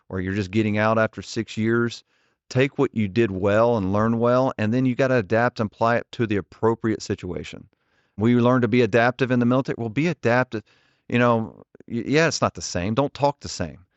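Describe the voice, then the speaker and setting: This guest on a podcast, a ministry leader in his forties, has a low-side voice and talks fairly quickly. Earnest and direct, he tells stories in a conversational interview, often restarting, and the audio is dull with no echo.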